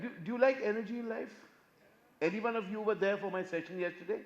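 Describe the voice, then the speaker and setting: An older Indian-accented man performs stand-up comedy in a large, echoey hall, his fairly high voice carrying a long reverb tail. He talks in a chatty, self-mocking way, slipping between Hindi and English and jumping from hushed asides to loud outbursts. The sound is slightly muffled, as if picked up through a PA system. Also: expressive, fast talker.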